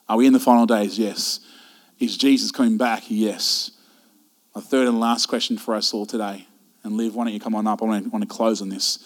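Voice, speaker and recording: Impassioned pastor preaching. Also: male voice, on the low side, steady tone, brisk. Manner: impassioned preaching with repeated rhetorical questions. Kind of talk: sermon. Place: church service.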